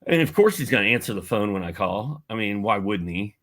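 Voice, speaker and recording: Low-voiced man telling a bright story. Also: fairly quick. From Indiana, USA. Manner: animated storyteller, acts out quoted voices. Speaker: podcast guest. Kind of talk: storytelling in a casual podcast chat.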